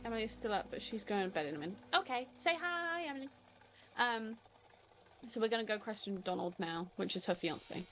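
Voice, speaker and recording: A woman's voice: medium pitch, fast talker, few pauses, a little hiss or hum. A woman chatting casually as she streams a video game, often confused and laughing. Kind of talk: casual let's-play commentary.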